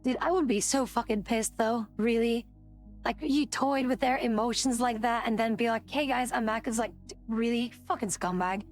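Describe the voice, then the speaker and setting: A woman's voice: on the high side, normal speed, soft background music. A woman streamer chatting casually, indignant and rambling, swearing often. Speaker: VTuber streamer.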